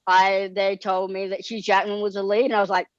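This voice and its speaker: A male guest raised in Australia, telling stories in a casual interview, animated and giddy, acting out quoted lines. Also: sits high, fairly quick, no room sound, highs cut off.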